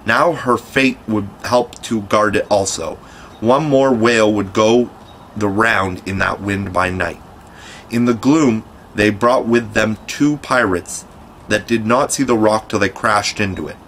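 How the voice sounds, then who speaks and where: A man reading a children's classic aloud in measured, scripted narration. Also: on the low side, a bit bright, slight background noise. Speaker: audiobook narrator.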